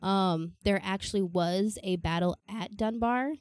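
A woman's voice: mid-range voice, unhurried, a little mellow, clean tone, dry recording, clean studio sound. A woman co-hosting a history podcast, telling the story casually with frequent laughs and fillers.

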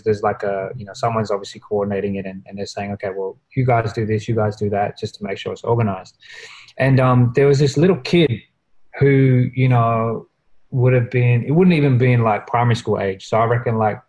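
A man telling a story in casual chat, rambling and filling pauses with "you know" and "like", growing animated as he recounts it. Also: highs cut off. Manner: animated when recounting, pitch jumps up.

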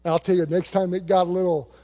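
High-pitched man preaching a lively sermon. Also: quick pace. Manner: animated storytelling with repeated restarts; imitates other voices in quotes. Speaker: pastor.

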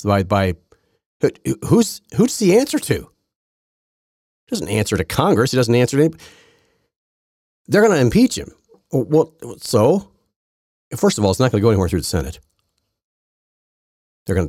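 Low raspy guy ranting on his podcast, sarcastic, bouncy pitch, dry close sound. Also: a little mellow, no room sound. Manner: rambling, sarcastic, frequent restarts. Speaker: podcast host. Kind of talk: casual political commentary.

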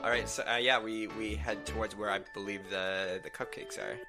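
A man's voice: on the low side, steady tone, moderate pace, music in the background. Hesitant young man playing a tabletop game. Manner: hesitant, playful, many ums. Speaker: player.

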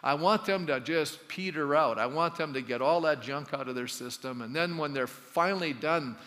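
Male pastor, slightly high voice, chatty sermon delivery, echoing sanctuary. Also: moderate pace, fairly bright tone. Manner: conversational, asks the congregation questions. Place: church sanctuary. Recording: long church hall reverb.

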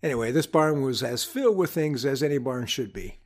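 A man hosting his own show, telling a reflective personal story in an unhurried, wry way with humorous asides. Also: medium pitch, expressive. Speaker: podcast host.

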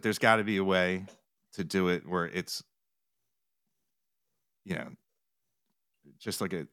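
A man's voice: deep voice, fairly bright tone, clear, resonant tone, dry recording, studio quality. A man chatting as an interview guest, rambling with restarts and retold quotes. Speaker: podcast guest, TikTok music reactor. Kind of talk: casual interview chat.

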